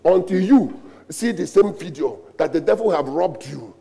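High-pitched Nigerian pastor preaching emphatically. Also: male voice, animated, normal speed, gravelly, dark tone, slightly rough. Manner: emphatic preaching with rhetorical questions and repetition. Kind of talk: sermon.

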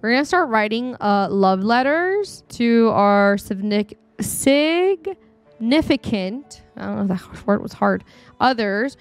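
Chatty gamer girl, kinda high voice, goofy commentary w/ faint music behind. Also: animated, slow pace, smooth. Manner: chatty, playful, hums and giggles to herself. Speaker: gaming streamer. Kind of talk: casual gameplay commentary. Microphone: desktop dynamic mic.

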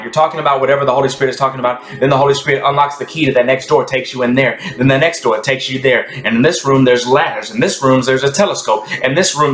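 Man, mid-range voice, ecstatic off-the-cuff spiritual musing with whispered asides; echoey room, music bed. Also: medium pitch. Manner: rambling, ecstatic, drifting into hushed whispers. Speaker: Christian content creator. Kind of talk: spontaneous spiritual monologue.

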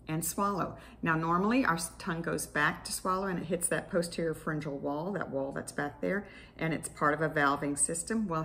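Woman therapist, low voice, patient clinical explainer, faint hiss behind, instructional class tone. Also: fairly bright tone. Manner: patient, explanatory, clinical terms with small restarts. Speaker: speech-language pathologist teaching an exercise class.

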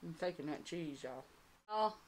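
A woman's voice: sits low, animated, normal speed, slight background noise. A woman hosting an eating show, chatting casually and talking straight to her viewers. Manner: chatty, addresses viewers as y'all. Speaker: mukbang channel host.

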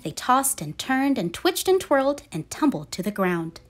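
A woman reading a children's picture book aloud in a gentle, expressive storytelling manner. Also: high-pitched, moderate pace. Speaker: storybook reader.

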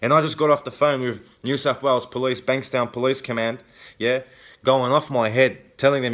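An Australian man vents to camera in a video blog, furious and full of swearing. His voice sits at an ordinary mid pitch. He punctuates his threats with a sharp "okay?". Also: fairly even intonation, moderate pace. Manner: heavy swearing, repeated "okay?" tags. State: angry. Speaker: vlogger. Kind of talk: angry confrontational rant to camera.

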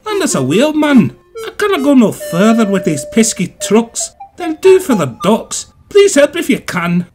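A man's voice: extremely high pitch, wildly swooping pitch, moderate pace, pitched above the performer's own voice, exaggerated voice. A man voicing a tired male goods engine who calls out bluntly. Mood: gruff. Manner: loud, blunt, hailing. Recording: music playing behind.

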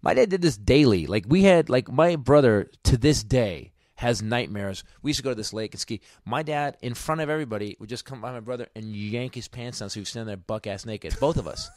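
A man's voice: mid-range voice, lively intonation, fairly quick, few pauses, darkish tone, dry recording. A man in his fifties talks as a guest in a casual chat, recorded dry and close. He tells his stories bluntly and with emphasis. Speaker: guest comedian.

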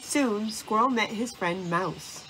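A woman narrating a children's storybook, reading in a slow, deliberate way. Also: mid-range voice, fairly bright tone, a little hiss or hum.

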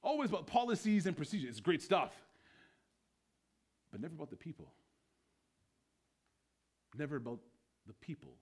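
A man preaching a sermon as pastor in a church, swinging between loud bursts and hushed lines. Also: on the high side, very animated, moderate pace, pauses often, slightly rough.

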